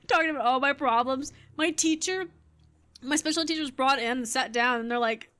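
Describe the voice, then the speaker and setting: A woman's voice: high voice, moderate pace, bright, forceful tone. A woman in her thirties telling a story casually while gaming, rambling and correcting herself, with frequent laughter. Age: 30s. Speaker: gaming streamer.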